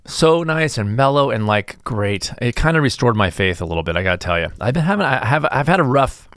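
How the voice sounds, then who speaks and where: A man's voice: mid-range voice, lively intonation, fairly quick, fairly bright tone, no room sound, clean studio sound. A man hosting his own show, talking in a rambling, self-deprecating, stop-start comedic monologue. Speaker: host.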